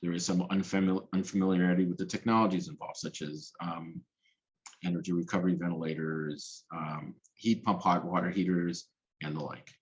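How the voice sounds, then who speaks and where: Man, low-pitched, presenting policy in a webinar, earnest, restarts a lot, muffled lo-fi audio. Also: fairly even intonation, fairly quick. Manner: earnest, with frequent restarts and fillers. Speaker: policy specialist presenting a talk.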